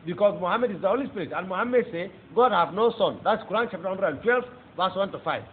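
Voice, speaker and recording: Nigerian man, preaching testimony, high voice, rapid delivery, tinny phone-like sound, faint hiss. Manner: emphatic, repeats phrases, addresses listeners as brothers and sisters. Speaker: testifying convert. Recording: tinny phone-like audio with faint background noise.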